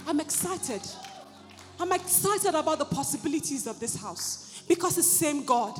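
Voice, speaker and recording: A woman pastor preaching a sermon fervently, building to shouted repeated phrases. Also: sits high, animated, moderate pace, long reverb tail, faint music behind, a faint crowd. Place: church hall.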